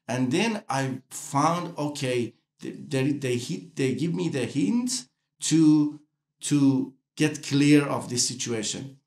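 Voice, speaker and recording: A man from Iran, giving a documentary interview in halting English full of restarts. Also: mid-range voice, darkish tone, echoey room. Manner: halting non-native English with frequent restarts. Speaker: interviewee artist.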